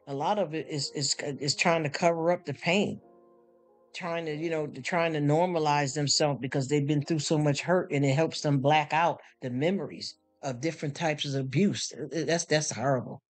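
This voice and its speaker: Stream host, male, AAVE speech, emotional and sympathetic, higher-pitched voice, faint music underneath. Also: fairly even intonation, normal speed. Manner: emotional, sympathetic, repeats himself with many restarts. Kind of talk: casual live stream chat. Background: soft background music.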